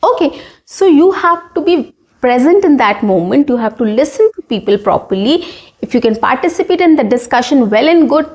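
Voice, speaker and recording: Brief: woman English tutor, high voice, patient explainer who keeps checking in. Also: lively intonation, normal speed, darkish tone. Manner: explanatory, repeats points with "okay" and "right". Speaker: English speaking teacher. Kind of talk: spoken English lesson.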